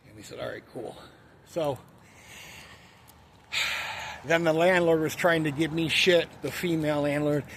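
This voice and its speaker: Man, casual storytelling, profane, blunt, fairly high voice, faint background hum. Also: fairly even intonation, measured pace, pauses often, fairly bright tone. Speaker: vlogger.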